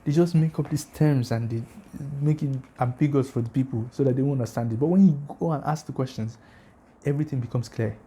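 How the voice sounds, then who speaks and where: A man's voice: medium pitch, quick pace, mellow, slightly rough. A man hosting a religious channel, lecturing casually to viewers with emphatic, challenging arguments and rhetorical questions. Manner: addresses viewers directly, asks for comments.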